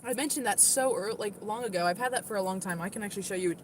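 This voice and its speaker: A woman's voice: medium pitch, very fast, noisy background. A young woman from the southern United States, chatting casually on a live stream in a blunt, defensive way and saying "like" often. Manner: blunt, defensive, says "like" a lot. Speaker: livestreamer.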